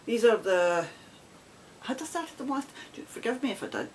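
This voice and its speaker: A middle-aged woman with a Scottish accent talks to camera in a loose, rambling way and laughs easily. She sounds like she is recording at home. A faint low rumble hums under her voice. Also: very animated, normal speed, a little mellow, low-quality recording. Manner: chatty, rambling, laughs often. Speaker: knitting podcaster. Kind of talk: casual chat to camera.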